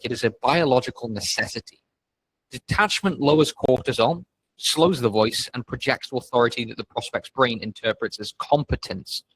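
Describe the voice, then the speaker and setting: A man's voice: mid-range voice, fairly bright tone, husky, rough recording. A young man coaching on sales in a casual, blunt, profane way, with a lot of emphasis. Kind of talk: casual instructional talk.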